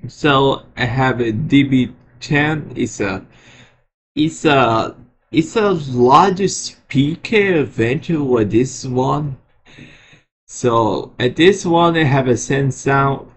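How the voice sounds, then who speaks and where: A man presenting his alarm sirens in a casual show-and-tell vlog, often halting and restarting his sentences. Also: mid-range voice, slight background noise. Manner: halting, frequent restarts and repeated words. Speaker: vlogger showing alarm sirens.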